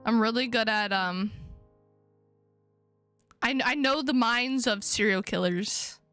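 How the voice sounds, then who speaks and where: A woman's voice: fairly high pitch, slow pace, a bit bright, smooth, dry recording, faint music behind. A woman streamer chatting playfully and swearing freely while reading a visual novel's text aloud. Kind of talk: casual live-stream chat, reading game text aloud.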